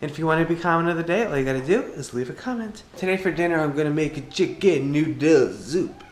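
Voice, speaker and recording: A man in his thirties talking to a handheld camera in a chatty, upbeat daily family vlog, thinking out loud as he goes. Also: on the high side, racing. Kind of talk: casual vlog talk to camera. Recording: camera audio with steady background noise.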